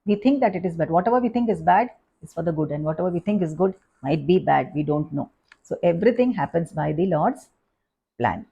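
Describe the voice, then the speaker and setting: Gravelly low-voiced woman telling a devotional story. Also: dark tone, dull audio. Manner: halting, with frequent pauses and fillers. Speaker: spiritual teacher.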